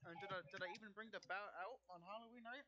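A man's voice: high-pitched, rapid-fire, a crowd in the background. A teenage boy hosting a podcast, telling rambling, profane stories and acting out the people in them. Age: teens. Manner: rambling, profane, acts out quoted voices. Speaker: podcast host. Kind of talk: casual storytelling chat.

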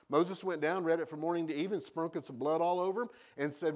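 A man's voice: a little high, fast talker, few pauses. A man preaching a sermon, telling Bible stories with humorous asides and acting out the voices of the people in them. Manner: animated storytelling with acted-out voices. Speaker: pastor.

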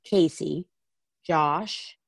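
A woman chatting casually about reality TV, full of "like" and quick asides. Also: low voice, gravelly, slightly rough, dry recording. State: has the hiccups.

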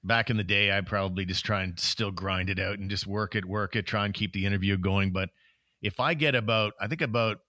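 A man's voice: lowish voice, steady tone, a little fast, bright, forceful tone, no room sound. A man hosting a sports podcast, chatting casually with upbeat, playful teasing. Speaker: podcast host. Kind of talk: casual chat.

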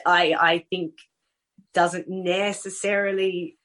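A woman's voice: fairly low pitch, slow pace. A middle-aged woman with an Australian accent, a guest author telling stories animatedly in a casual podcast interview. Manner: warm, animated storytelling with laughs.

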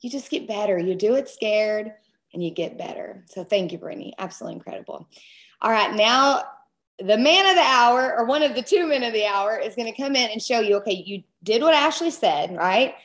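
A woman's voice: a little high, lively intonation, normal speed, fairly bright tone. A woman hosting a team training call, emotional and gushing, talking casually. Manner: gushing, emotional, says "freaking" and "y'all". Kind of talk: casual motivational talk.

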